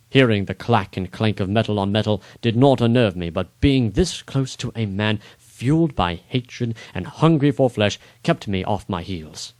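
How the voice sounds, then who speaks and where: A man reading his own first-person adventure story aloud in a dramatic, expressive way. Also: lowish voice, no room sound. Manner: expressive, rising on action beats.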